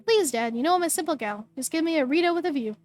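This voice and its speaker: Streamer lady doing a chirpy teen daughter, high and bubbly, faint game music behind. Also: lively intonation, quick pace. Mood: earnest. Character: bubbly teenage girl about to leave for art school.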